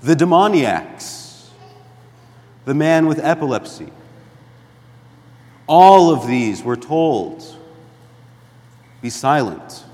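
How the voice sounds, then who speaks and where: Slow-preaching priest in a reverberant church. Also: male voice, on the high side, sing-song. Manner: slow, deliberate preaching with emphatic rises and hushed drops. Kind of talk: sermon.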